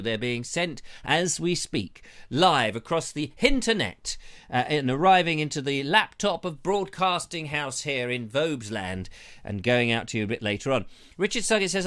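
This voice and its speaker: Jokey English male host, bright and animated, reads chat, slips into silly voices. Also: fairly high pitch, smooth. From Britain. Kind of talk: live-stream chat show. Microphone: lapel mic.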